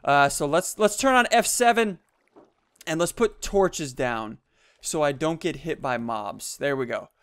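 A young man giving excitable, jumpy gameplay commentary, laughing often and yelping when startled. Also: fairly high pitch, measured pace, clean tone. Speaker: gaming YouTuber. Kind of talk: Let's Play commentary.

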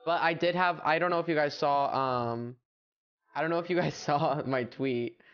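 A man's voice: a little high, moderate pace, clean tone, highs cut off. A young American man chatting casually and playfully on a livestream, rambling with filler words. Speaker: streamer.

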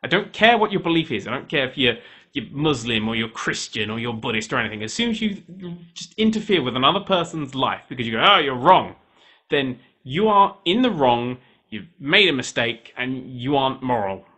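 A man ranting his opinions to camera in a heated, animated way. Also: mid-range voice, brisk. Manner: animated, heated, switching into voices for quoted people. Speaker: video maker.

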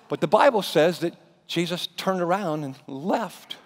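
A male pastor preaching a sermon in a church, telling the story in an animated, dramatic way. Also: very high-pitched, a little slow. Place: church sanctuary. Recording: reverberant church hall.

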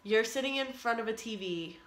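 A woman's voice: a little high, lively intonation, brisk, crowd noise. A young woman from California, a vlogger, doing a playful, giggly couple Q&A. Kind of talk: casual couple Q&A.

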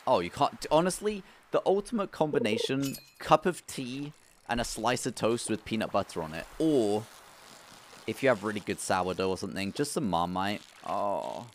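Excitable male streamer in his twenties, lively pitch, faint noise behind. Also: moderate pace. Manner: excitable, swings from loud outbursts to muttering. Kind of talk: live gameplay commentary.

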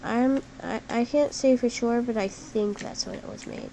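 A woman giving casual, chatty gameplay commentary, excitable and full of "like", with sudden shouts. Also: a little high, moderate pace, slight background noise, poor audio. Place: at a computer while gaming.

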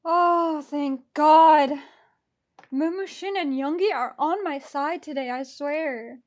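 Woman, high voice, anxious and excitable, shrieks and mutters, live ticket-buying vlog. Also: unhurried. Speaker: vlogger buying concert tickets.

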